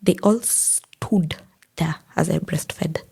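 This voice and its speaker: A young Kenyan woman with a low, husky, gravelly voice tells a personal story on a podcast. Her tone stays dark and mellow. She acts out each person's quoted lines as she goes. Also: takes it slowly, whispered. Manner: recounts events by acting out quoted dialogue. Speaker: podcast guest.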